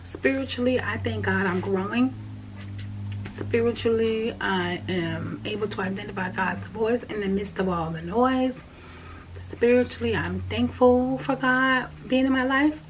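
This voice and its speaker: A woman giving a casual spoken faith check-in, earnest and repetitive, sometimes dropping to a soft whisper. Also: fairly high pitch, measured pace. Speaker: vlogger sharing a faith check-in. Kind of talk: casual spoken testimony to camera. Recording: faint background noise.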